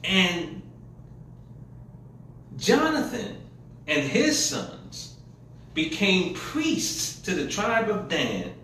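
A man's voice: sits high, huge pitch swings, extremely slow, long pauses, bright, forceful tone, slight background noise. A man preaching a sermon, retelling scripture in casual, colloquial paraphrase, recorded in a church. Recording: echoey room from a distance.

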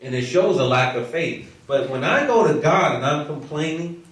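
A man leading a Bible study, reading scripture slowly and solemnly, then teaching the group conversationally with questions. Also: fairly high pitch, expressive. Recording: echoey room, mic far off.

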